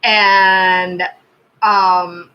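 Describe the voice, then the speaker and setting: A woman's voice: mid-range voice, level tone, extremely slow, muffled recording. A woman in her thirties, a tarot channel host, chatting casually on a live stream and telling stories with lots of fillers. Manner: chatty storytelling with many fillers and laughs.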